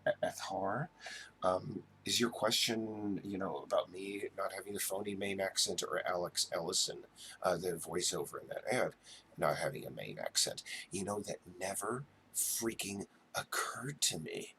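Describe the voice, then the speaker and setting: A man's voice: deep voice, moderate pace, gravelly, pushed and bright, slight background noise. A man from New Jersey hosting a casual live chat, rambling and stammering as he answers viewers. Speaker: livestream host.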